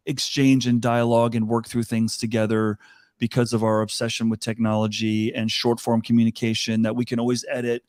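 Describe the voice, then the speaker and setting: A man's voice: mid-range voice, fairly even intonation, brisk, darkish tone, no echo. An older man speaking as an interview guest, earnest and thoughtful, with fillers and restarts. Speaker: guest, talent advisor. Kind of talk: reflective interview talk.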